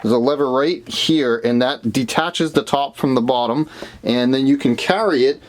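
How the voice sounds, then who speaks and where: Medium in pitch and moderate in pace, a young vlogger with a Boston accent walks casually through his van. He rambles as he goes, with frequent ums and self-corrections.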